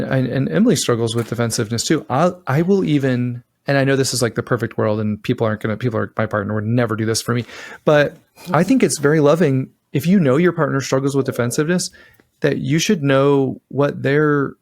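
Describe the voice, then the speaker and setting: A man's voice: medium pitch, a little fast, creaky, darkish tone. A man co-hosting a podcast about relationships, talking in a rambling, casual way and acting out what partners say to each other. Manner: rambling, acts out partners' lines in shifting voices. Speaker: podcast co-host. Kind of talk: casual relationship advice chat.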